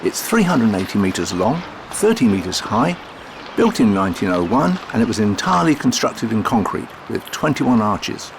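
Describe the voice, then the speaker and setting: A man's voice: on the low side, big pitch swings, normal speed, creaky, background noise. A man narrating his own road-trip vlog in a chatty, jokey way, mixing casual remarks with read-out facts. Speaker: travel vlogger.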